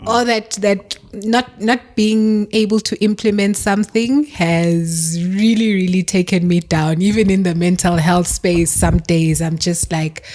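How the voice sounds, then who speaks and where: A woman's voice: medium pitch, steady tone, slow, a little mellow. A woman, a guest on a podcast, talking casually and enthusiastically and laughing often. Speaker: podcast guest, data professional. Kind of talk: casual conversation.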